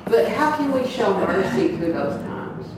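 A woman's voice: medium pitch, a little slow. A woman speaks to her church congregation in a loose, storytelling sermon, acting out voices and laughing along the way. She is recorded from a distance in a very echoey hall. A faint hiss sits under the sound. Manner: animated, acts out voices in her stories, laughs often.

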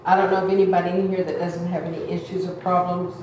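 A woman's voice: fairly low pitch, level tone, quick pace, darkish tone, slight background noise. A woman giving a heartfelt, conversational testimony to a church congregation. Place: church hall. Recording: echoey hall from far off.

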